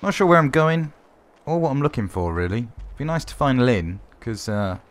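A man giving wry, sarcastic let's-play commentary while playing a horror game, swearing often and yelling when startled. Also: mid-range voice, animated, moderate pace. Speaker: gaming video host.

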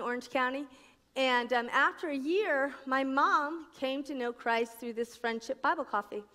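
A middle-aged woman from New Jersey speaks on a conference stage, telling her story with bright, crisp energy and playing out each voice she quotes. Her voice sits high, and the hall's long echo hangs behind her words. She talks the way a practiced speaker does at a faith event. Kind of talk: personal testimony talk. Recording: echoey conference hall.

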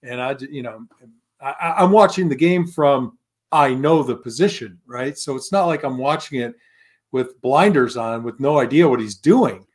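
A man's voice: medium pitch, moderate pace. A man in his fifties, a former pro football lineman, telling stories as a guest in a casual interview, acting out quoted voices and laughing often.

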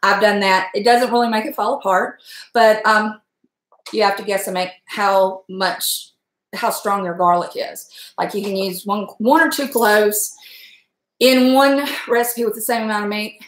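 A woman's voice: medium pitch, fairly even intonation, unhurried, reverberant. A middle-aged woman, chatting and rambling to her viewers while she cooks in her home kitchen. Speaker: cooking vlogger. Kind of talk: casual chat while cooking.

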